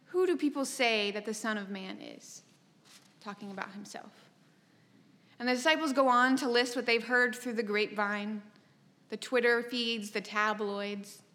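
A woman pastor preaching a sermon, measured and emphatic, with wry asides. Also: a little high, fairly bright tone. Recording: long reverb from a large hall.

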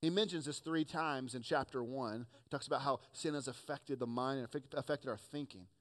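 A man preaching a sermon with earnest emphasis, rising to loud points and dropping to quiet asides. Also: mid-range voice, fairly quick. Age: adult, has children. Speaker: pastor.

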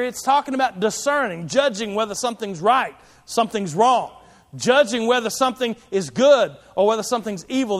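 A man's voice: very high-pitched, a bit bright. A man preaching a sermon as pastor, talking in a conversational, emphatic way with many asides. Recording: long reverb of a large hall.

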